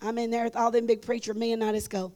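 Animated woman preaching. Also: on the high side, fast. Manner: animated, shifts between loud bursts and hushed asides. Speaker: conference speaker. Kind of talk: storytelling sermon. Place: large conference hall.

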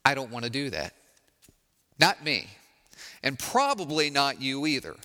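A man's voice: medium pitch, sing-song, measured pace, sharp tone, big-room sound. A man preaching a sermon in a conversational, wry way, acting out the people he quotes. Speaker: pastor.

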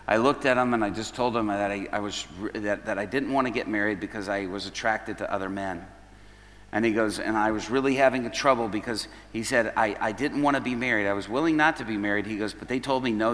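A man's voice: fairly low pitch, a bit bright. A man preaching at an evening service, telling a story and acting out the dialogue line by line. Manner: retells events as dialogue, quoting each person. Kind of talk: storytelling sermon. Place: church hall at an evening service. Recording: long reverb of a large hall.

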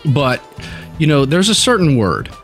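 Rambling, animated male podcast host. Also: a little high, a little slow, faint music behind. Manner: rambling, winding storyteller. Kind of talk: casual chat.

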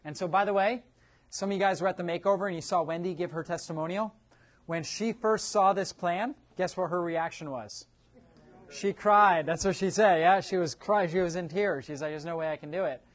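A man's voice: sits high, moderate pace. Man lecturing a room, tagging "right?". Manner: keeps checking in with a tag "right?"; quizzes the audience with questions. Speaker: nutrition seminar presenter. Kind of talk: live seminar talk to an audience. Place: room with a live audience.

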